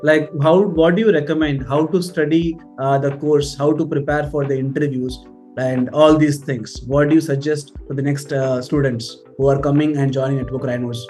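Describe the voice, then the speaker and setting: A man's voice: fairly high pitch, fairly even intonation, moderate pace, a little mellow, faint music behind. A man with an Indian English accent, a trainer interviewing his former student in a chatty way, often repeating himself. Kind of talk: casual interview.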